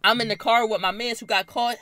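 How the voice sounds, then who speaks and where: A young man casually telling a wild story from his own life, animated and full of slang and swearing. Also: very high-pitched, fairly quick, a little hiss or hum. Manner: animated, slangy, swears a lot, bursts into loud laughing shouts.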